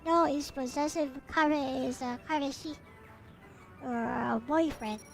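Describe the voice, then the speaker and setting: A woman co-host explains things plainly and matter-of-factly. Her voice is high, and faint music plays under the talk. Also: measured pace, creaky. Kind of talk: casual chat.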